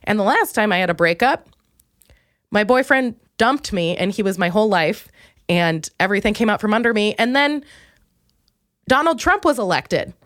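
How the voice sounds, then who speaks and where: A young woman comedian talks through a loose, rambling monologue, mocking herself as she goes. Her voice sits in a middle register and jumps high when she acts out her own panic. It is recorded close and dry, with no room sound around it. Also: animated, moderate pace, pauses often, fairly bright tone, no echo. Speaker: comedian podcast host.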